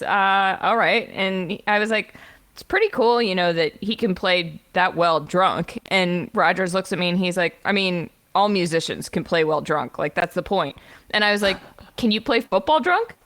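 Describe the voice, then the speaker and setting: Woman podcast co-host, young adult, lively anecdote-teller full of fillers. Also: fairly low pitch, normal speed. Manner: animated, laughing storyteller with many fillers. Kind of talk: casual storytelling chat.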